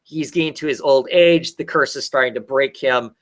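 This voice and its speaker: A man's voice: mid-range voice, moderate pace. A man in a casual chat, rambling through a comic story with lots of fillers and restarts. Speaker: podcast co-host.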